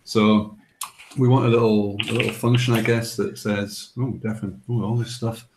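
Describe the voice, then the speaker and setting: Low-voiced man in an echoey room. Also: flat delivery, moderate pace, noisy background. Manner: hesitant, repeats words while coding. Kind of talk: casual technical chat. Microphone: video call.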